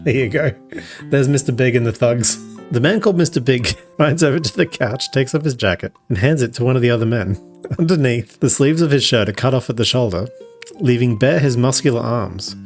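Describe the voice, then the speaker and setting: A man's voice: mid-range voice, a little fast, soft background music. A man with an Australian accent, a streamer reading an adventure gamebook to chat, laughing often and adding chatty asides.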